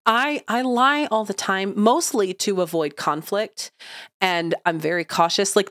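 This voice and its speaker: A woman's voice: medium pitch, a bit bright, no echo. Frank woman podcast co-host, dry sound. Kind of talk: casual chat.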